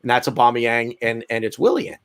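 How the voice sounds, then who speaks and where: A man co-hosting a football podcast, speaking in a measured way with repeated false starts. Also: medium pitch, very animated, a bit bright, clear, resonant tone. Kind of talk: casual football chat.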